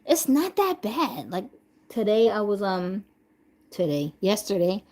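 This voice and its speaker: A woman's voice: mid-range voice, big pitch swings, measured pace, a little mellow. Rambling, laughing woman chatting live. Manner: rambling, laughs often, slangy. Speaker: doll customizer streaming live. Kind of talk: casual livestream chat.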